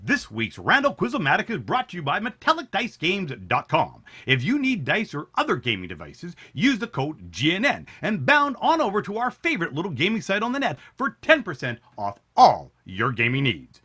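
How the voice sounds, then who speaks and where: A man hosting a playful scripted news segment with a lively announcer delivery. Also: on the high side, normal speed, few pauses, breathy edge. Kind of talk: upbeat scripted news parody.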